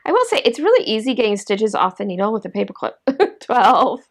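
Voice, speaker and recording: A woman's voice: fairly high pitch, very animated, brisk. A woman hosting a knitting video, chatting casually while she demonstrates, enthusiastic and gushing with frequent exclamations.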